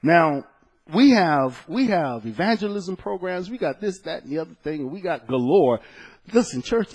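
A man preaching a sermon as pastor, telling a personal story, swinging between loud exclaiming and soft, hushed storytelling. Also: a little high, big pitch swings, normal speed, slightly rough.

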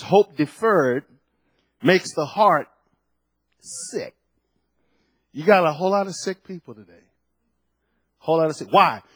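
Animated high-voiced male pastor preaching. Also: slightly rough, dry recording. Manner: preaching with big swings between loud and hushed. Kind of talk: sermon.

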